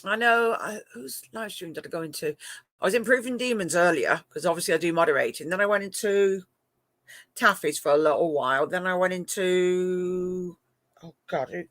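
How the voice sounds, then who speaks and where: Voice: medium pitch, dry recording. A middle-aged person from England with a mixed northern and southern English accent, chatting casually to viewers on a live stream and laughing often. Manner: chatty, laughs often, talks to pet cats. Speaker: live-stream host and moderator.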